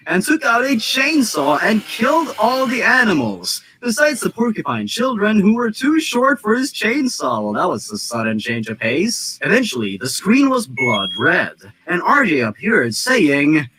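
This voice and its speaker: A man's voice: sits high, unhurried, hardly any pauses. A man reading a horror story aloud, breaking in with wry, joking remarks. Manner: animated, wry, joking interjections. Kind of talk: dramatic reading with sarcastic asides.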